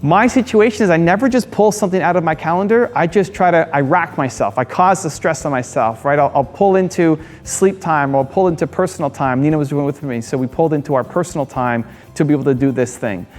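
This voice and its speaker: A man's voice: on the high side, quick pace, hardly any pauses, faint music behind. A man hosting his own channel, giving an earnest motivational monologue that repeats key phrases and asks rhetorical questions. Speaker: channel host.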